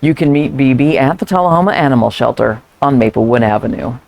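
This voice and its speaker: A woman with a Southern US accent reading scripted community news in a clear, even announcer manner. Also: a bass voice, fast talker. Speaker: local news reporter.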